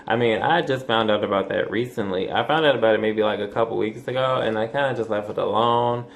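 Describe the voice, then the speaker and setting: A man's voice: on the low side, quick pace, vocal fry, slight background noise. A man in his twenties talking casually to camera in a rambling vlog, with lots of fillers, restarts and swearing. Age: 20s. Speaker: vlogger.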